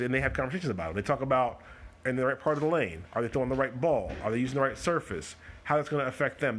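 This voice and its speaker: A man with a mid-range, fairly bright voice hosts a bowling coaching live stream, joking and chatting casually as he analyzes shots. He talks fast in spurts, and faint noise runs under the stream.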